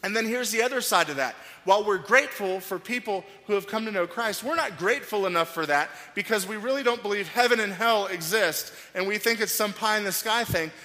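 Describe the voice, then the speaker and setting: A middle-aged pastor preaches in a church sanctuary, telling stories with animation and acting out the voices he quotes. His voice is high and a little fast, with few pauses. The recording has long hall reverb and faint music.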